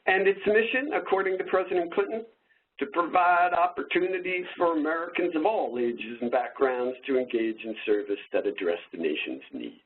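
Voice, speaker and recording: A man's voice: fairly high pitch, expressive, normal speed, a little hiss or hum, natural voice. A man doing a loose impression of a former American president giving a speech, over tinny phone-like webinar audio. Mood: presidential. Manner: mock-presidential, fading impression.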